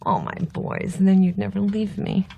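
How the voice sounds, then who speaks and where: A woman's voice: mid-range voice, flat delivery, normal speed, creaky, narrow, tinny audio, slight background noise. An actress playing a playful mother of grown sons who teases her family; a film clip. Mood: teasing. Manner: playful, laughing, then sharp.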